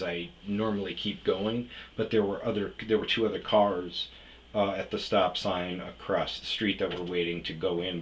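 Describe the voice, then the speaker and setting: Low-voiced man telling a rambling story. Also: fairly bright tone, poor audio. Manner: rambling, heavy swearing, many fillers. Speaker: storyteller host. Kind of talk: casual profane storytelling.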